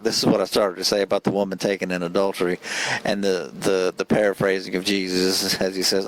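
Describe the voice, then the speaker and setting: A man's voice: deep voice, fairly even intonation, fast talker, poor audio. A man giving a casual spoken film review, earnest and rambling, often stumbling and restarting his sentences.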